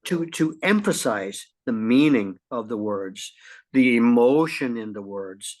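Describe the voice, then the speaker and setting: A middle-aged man co-hosting a casual talk show, folksy and lively, often clearing his throat. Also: mid-range voice, a little slow. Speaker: podcast co-host. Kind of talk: casual conversational chat.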